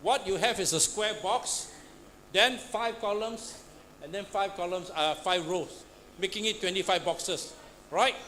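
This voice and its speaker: High-voiced man quizzing a class. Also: a little slow, bright, forceful tone. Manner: quizzing students, call-and-response, frequent "huh?" and "all right". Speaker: Pathfinder class instructor. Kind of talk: interactive classroom teaching. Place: church classroom. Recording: noisy room recording.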